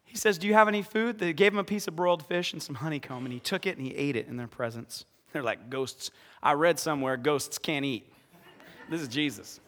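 A man preaching as pastor in a church, lively, acting out scripture scenes with sudden shouts. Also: fairly high pitch, quick pace, hardly any pauses. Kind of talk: sermon. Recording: long reverb of a hall.

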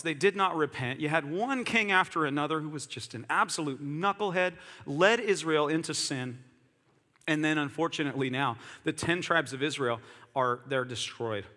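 High, bright-voiced male preacher. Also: long reverb tail. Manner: animated, self-deprecating, talks directly to the audience. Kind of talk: conversational sermon.

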